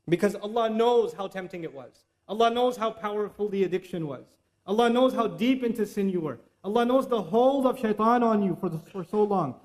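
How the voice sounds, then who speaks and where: A man with a high, light voice delivers a sermon. He talks to the audience casually, acts out the excuses people tell themselves, and recites verses quickly in Arabic. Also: darkish tone. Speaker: preacher.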